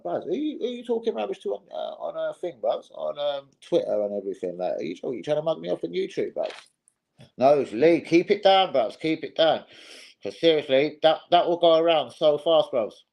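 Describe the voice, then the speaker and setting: A man's voice: mid-range voice, darkish tone, poor audio. A young man hosting a casual live stream, swearing freely and calling his viewers "bros".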